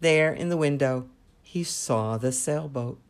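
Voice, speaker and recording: Slow, deliberate woman devotional host. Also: deep voice. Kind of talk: devotional storytelling.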